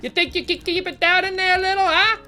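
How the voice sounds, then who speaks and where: A woman quoting a film, putting on a gruff, loud, mocking grown burglar. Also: extremely high pitch, little pitch movement, fast, faint music behind, voice pushed up. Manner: loud, shouty movie-quote delivery.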